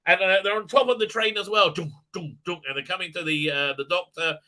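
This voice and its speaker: A man's voice: sits high, fairly even intonation, a little fast, bright, forceful tone. A man giving a casual, rambling and sarcastic spoken review of a TV episode, full of "uh" fillers and restarts. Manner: mocking put-on voices for characters. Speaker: video reviewer.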